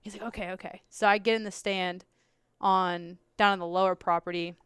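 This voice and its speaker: A woman guest on a podcast, telling a story with lots of laughter and acting out her own quotes in loud, high bursts. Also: steady tone, moderate pace, clean tone, dry recording, studio quality. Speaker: podcast guest, law enforcement officer. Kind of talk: animated storytelling in casual chat.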